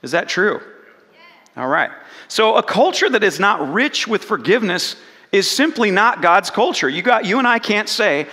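A pastor with a high, bright voice preaches a sermon, very animated at a normal speed, acting out the quoted lines as he tells the story. He repeatedly poses questions to the congregation, and the long reverb of a hall rings around his voice.

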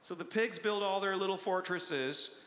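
A man preaching a sermon with a playful, animated, punchy delivery. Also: high voice, normal speed. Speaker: pastor. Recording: echoey hall with long reverb.

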